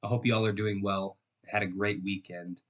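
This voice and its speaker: A man with a nasal voice after a recent illness, giving an earnest, measured lesson on trading psychology to camera. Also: low voice, flat delivery, fairly bright tone, dull audio. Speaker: trading educator.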